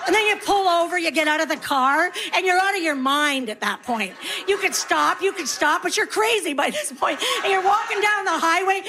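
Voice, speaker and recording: A middle-aged woman performing a stand-up comedy routine, animated and acting out her kids and herself in different voices, with audience laughter behind her. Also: very high voice, moderate pace, few pauses.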